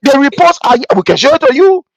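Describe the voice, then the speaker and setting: High-voiced Liberian man ranting on air. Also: fast talker, creaky. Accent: Liberian English. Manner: animated, repetitive, mimics people he quotes. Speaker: host of a political commentary show. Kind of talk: impassioned political commentary.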